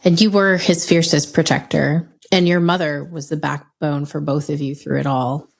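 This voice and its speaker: A woman's voice: low-pitched, fairly even intonation, normal speed, vocal fry. A woman hosting a podcast asks her guest questions in an affirming way. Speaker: podcast host. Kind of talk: interview questions.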